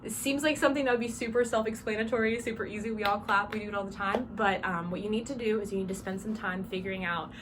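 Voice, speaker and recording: A young Southern woman explains things in a loose, chatty way, dropping in "um" as she goes and calling out short commands to demonstrate. She sits at an ordinary middle pitch. The small dorm room carries steady background noise under her voice. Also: quick pace, hardly any pauses. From South Georgia, US. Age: young adult. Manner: chatty, with frequent "um" fillers and spoken demonstrations of commands. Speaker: drum major instructor. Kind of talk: casual instructional talk.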